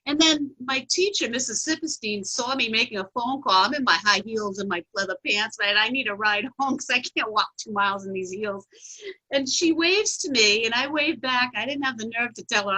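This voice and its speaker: A middle-aged woman comedian telling a funny story in a lively, laughing group chat. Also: on the high side, low-quality recording. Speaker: comedian guest.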